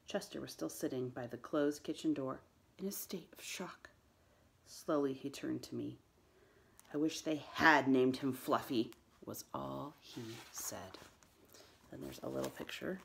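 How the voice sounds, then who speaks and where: Lady librarian doing a lively read-aloud, low voice with some gravel, swoops way up for the kid lines. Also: measured pace. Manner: lively read-aloud, raising her voice high for the children's lines. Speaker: school librarian. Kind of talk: reading a chapter book aloud to students.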